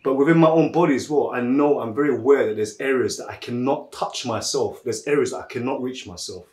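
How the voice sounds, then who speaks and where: A man's voice: medium pitch, fairly quick, darkish tone. Laid-back man in an echoey room. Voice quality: laid-back, chuckles often, says "man". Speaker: massage therapist. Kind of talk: casual chat and storytelling. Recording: roomy echo.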